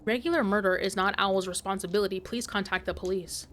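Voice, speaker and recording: A woman's voice: medium pitch, fairly even intonation, quick pace, fairly bright tone, a little hiss or hum, close to an everyday voice. Woman reading as a cold, stern agency chief. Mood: dismissive. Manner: cold, clipped, dismissive. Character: stern older woman heading a secret agency. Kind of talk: reading game dialogue aloud.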